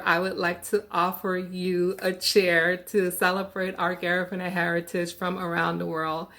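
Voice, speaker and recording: Woman leading a rhythmic heritage chant. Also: lowish voice. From California-based. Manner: rhythmic, shouting out whoops between lines. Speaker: founder and president of a heritage foundation. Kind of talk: leading a call-and-response chant.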